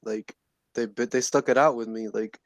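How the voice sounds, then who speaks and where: A man giving a casual personal testimony in an earnest, halting way with soft laughs. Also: mid-range voice, steady tone, no echo. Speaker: guest in recovery ministry.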